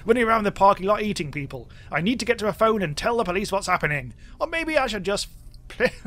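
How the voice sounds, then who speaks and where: A man's voice: high-pitched, sing-song, quick pace, a bit bright, pitched above the performer's own voice. A man voicing an alarmed man stuck in a parking lot. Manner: alarmed, exclamatory inner monologue.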